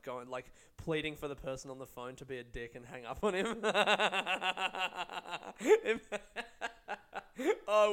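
A man's voice: fairly high pitch, a bit bright, clear, resonant tone. A young man, a comedian, chatting casually and telling rambling, profane stories. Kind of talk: casual vlog chat.

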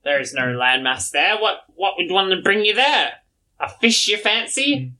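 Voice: mid-range voice, expressive, measured pace, bright, forceful tone, voice pushed up. A game master voicing a boisterous pirate salamander captain who growls "arr" and talks in old pirate speech. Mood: swaggering.

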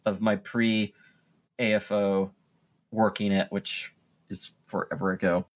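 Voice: low voice, flat delivery, slow pace. A podcast co-host in casual chat who is self-mocking and laughs often. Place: lives in Florida.

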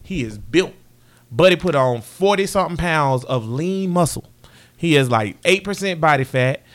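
A man co-hosting a casual sports chat, animated and teasing, laughing often. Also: on the high side, normal speed. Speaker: podcast co-host.

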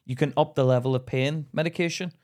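Telling a story on the podcast he co-hosts, this British man chats casually and animatedly, slipping into a sing-song voice to imitate others. He talks fast, with a voice on the high side.

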